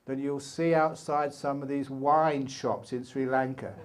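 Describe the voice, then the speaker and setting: A man in his sixties with a British accent, a meditation teacher telling a story in a slow, playful way with humorous asides during an evening dharma talk at a retreat. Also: medium pitch, little pitch movement. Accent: British English. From England. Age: 60s. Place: retreat hall.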